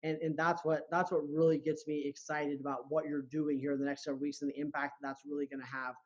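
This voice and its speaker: A man's voice: fairly high pitch, little pitch movement, fast talker, muffled recording. A man speaking as a motivational coach and guest on a podcast, earnest, often repeating words as he starts a sentence. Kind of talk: motivational talk.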